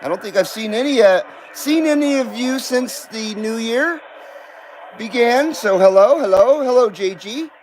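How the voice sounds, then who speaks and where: Host: relaxed, profane, high-pitched man greeting viewers one by one, faint hiss behind. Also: a little slow, low-quality recording. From Southern California. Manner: laid-back, profane, greets viewers by name. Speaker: host of a live CB radio stream. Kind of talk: casual live-stream chat greeting viewers. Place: home in Carson City.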